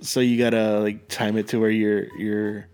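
A man's voice: on the low side, level tone, normal speed, darkish tone, clear, resonant tone, faint music behind. A young man chatting casually as a podcast co-host, rambling, swearing and laughing through his stories. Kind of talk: casual chat.

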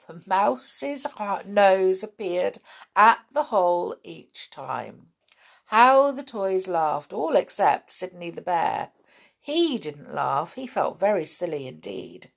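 A woman reading a children's story aloud, gentle and chatty with asides. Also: on the low side, expressive, slow. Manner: gentle, chatty asides, clears throat often.

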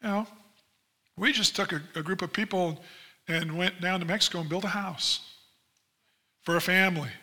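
A man's voice: moderate pace, pauses often. A man preaching a sermon as pastor, in a conversational style with frequent asides, acting out quoted voices animatedly. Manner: animated storytelling, acts out quoted voices with big pitch jumps; conversational, many "you know" asides.

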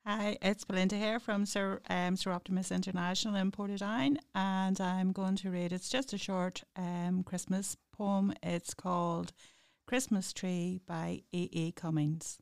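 A woman, a community volunteer, reading a short Christmas poem gently and tenderly. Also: mid-range voice, steady tone, unhurried, vocal fry, clear, resonant tone, no room sound, studio quality. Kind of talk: reading poetry aloud. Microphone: studio microphone.

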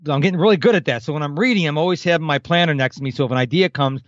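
A man's voice: fairly high pitch, rapid-fire, no echo, muffled recording. A man in his fifties, a podcast guest, talking animatedly in a casual interview and acting out the people he quotes. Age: 50s.

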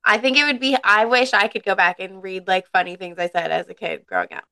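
A woman co-hosts a casual podcast chat in an easygoing, agreeable way. Her voice is smooth and resonant with a gravelly edge of vocal fry. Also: medium pitch, expressive, brisk, sharp tone. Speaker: podcast co-host.

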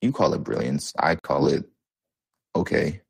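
A young man with a very low voice talks basketball on a podcast. He rambles casually, leans on slang and fillers, and sounds close and dry. There is little room sound around him. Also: expressive, unhurried, gravelly, breathy edge, dry recording. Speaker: podcast co-host. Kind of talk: casual sports chat.

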